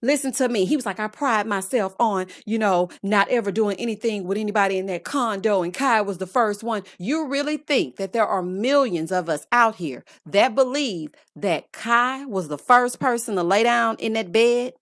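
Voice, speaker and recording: A woman's voice: mid-range voice, animated, moderate pace, hardly any pauses, dry recording. Sassy woman recapping, dry close mic. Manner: sassy, exasperated, calls viewers honey and child. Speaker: reality TV recap vlogger. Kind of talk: casual opinionated recap.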